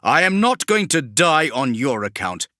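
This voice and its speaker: A man voicing a practical male armored soldier who speaks flatly and firmly. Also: mid-range voice, a little slow, no echo, studio quality, voice pushed up.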